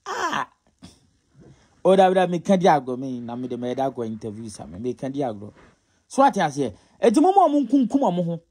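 A man's voice: sits high, darkish tone, slightly rough. A Ghanaian man giving casual gossip commentary, mocking and scolding as he mixes Twi and English. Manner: scolding, mocking, often laughing.

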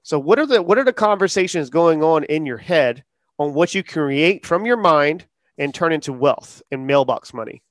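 A man talking casually as a podcast guest, acting out quotes in lively storytelling. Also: a little high, moderate pace, dry recording, clean studio sound. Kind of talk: casual interview talk.

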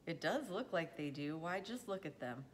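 Woman voicing a relaxed country dad; low, easy, reassuring. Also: moderate pace, a little hiss or hum. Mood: easygoing. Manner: relaxed, coaxing. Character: easygoing country father, reassuring.

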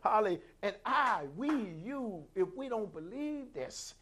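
A high-pitched man preaching a sermon from the pulpit. He swings between sudden shouts and soft, hushed lines, dropping in hallelujahs as he goes. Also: animated, unhurried, few pauses. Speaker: pastor.

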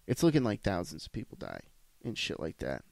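A man's voice: deep voice, huge pitch swings, a little fast, gravelly, darkish tone, no echo. A man hosting a solo podcast, ranting bluntly with lots of swearing and restarts. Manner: blunt, profane, rambling with restarts. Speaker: podcast host.

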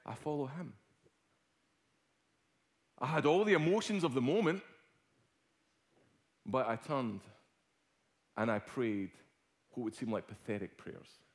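A middle-aged Scottish man preaching a sermon as a guest speaker, telling a personal story with swings from hushed to loud. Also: mid-range voice, unhurried, long pauses. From Scotland.

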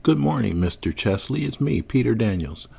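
A man voicing an earnest husky carpenter. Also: mid-range voice, lively intonation, normal speed, dark tone, exaggerated voice. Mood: polite. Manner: polite, pleading, growing desperate. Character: proud Black carpenter husband, earnest.

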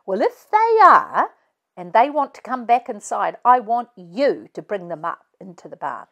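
A woman doing an animated storytelling mum. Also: a little high, a little slow, heavily acted. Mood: scolding. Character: lively storytelling mother of many.

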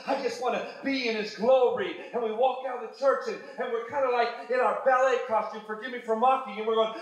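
A man preaching a sermon as pastor, fervent, swinging between shouted exhortations and low, quiet asides. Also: normal speed, few pauses. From United States. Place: church sanctuary. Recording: very echoey church hall.

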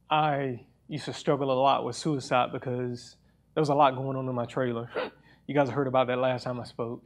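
A man's voice: mid-range voice, little pitch movement. A young man preaching a sermon in an earnest, personal way, often restarting his phrases. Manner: reads scripture aloud faster.

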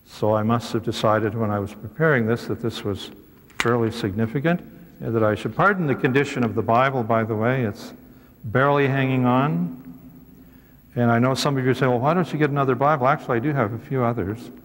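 A man, a priest, giving an animated, conversational teaching talk to a live audience, with humorous asides. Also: medium pitch, brisk. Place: hall with a seated audience. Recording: echoey hall.

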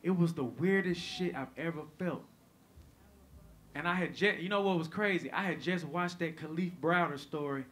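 A man telling a stand-up comedy story onstage, animated and profane, swinging between loud bursts and hushed asides. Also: a little high, normal speed. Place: comedy stage before live audience.

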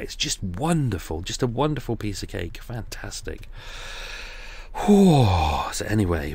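Low-voiced podcast host, rambling. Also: male voice. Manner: jokey, rambling, with sighs and asides. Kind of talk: rambling comic monologue.

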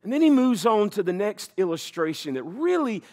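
A middle-aged man preaching a sermon, slowing down to stress key points and now and then laughing. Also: sits high. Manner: animated preaching, slows for emphasis, occasional laughs. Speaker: pastor.

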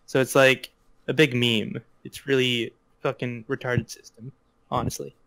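A young man in casual podcast chat, halting and filler-heavy as he complains. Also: mid-range voice, little pitch movement, gravelly, fairly bright tone. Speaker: podcast co-host.

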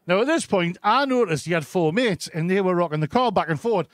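A Geordie man performs brash, crude stand-up on a club stage, checking in with the crowd after nearly every line. His voice sits high for a man. The sound is close and dry. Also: animated, a little fast, dry recording. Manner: brash, crude storytelling with constant "right?" asides to the crowd. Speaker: stand-up comedian. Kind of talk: live stand-up set.

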